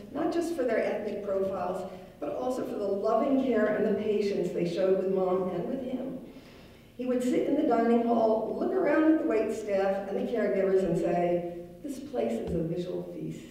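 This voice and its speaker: A middle-aged woman giving a wry, gently humorous memorial tribute to her late father. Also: medium pitch, expressive, moderate pace. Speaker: daughter giving a eulogy. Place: large synagogue hall. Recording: echoey hall, mic far off.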